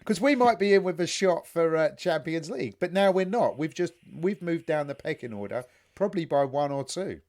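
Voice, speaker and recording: Brief: British man, podcast co-host, animated, laughs a lot, lively high-ish voice. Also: fairly quick, hardly any pauses. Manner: animated, laughs often, swears freely. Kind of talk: casual podcast chat.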